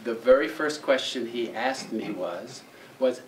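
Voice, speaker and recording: An older man talking about his photography in an interview, measured and thoughtful, with pauses in the middle of sentences. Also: mid-range voice, lively intonation, a little hiss or hum. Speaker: photographer guest. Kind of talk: reflective conversational interview. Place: museum room with audience. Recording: roomy hall, distant mic, faint ambience.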